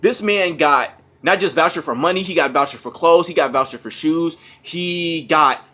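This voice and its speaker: A man's voice: on the high side, normal speed, sharp tone. Sick, coughing man ranting angrily. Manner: profane, heated ranting. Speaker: vlogger. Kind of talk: angry ranting vlog.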